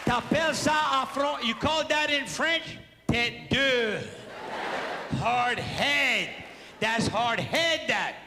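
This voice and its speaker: A man with a Cajun accent telling animated stand-up stories to a live audience, slipping in French phrases and acting out sound effects. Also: very high voice, takes it slowly. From South Louisiana. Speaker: comedic storyteller. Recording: long hall reverb, faint crowd and noise.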